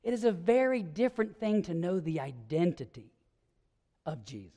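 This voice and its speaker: High-voiced preacher in a reverberant church. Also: male voice, very animated, moderate pace, warm tone. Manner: vivid storytelling, acting out scenes; emphatic, rising to ringing declarations. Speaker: pastor. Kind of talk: sermon. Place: church sanctuary. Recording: long reverb of a church sanctuary.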